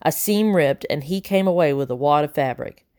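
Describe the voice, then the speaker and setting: A woman narrating a children's novel aloud, lively and voicing the characters. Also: low voice, moderate pace, no room sound, clean studio sound. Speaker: audiobook narrator. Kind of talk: scripted narration.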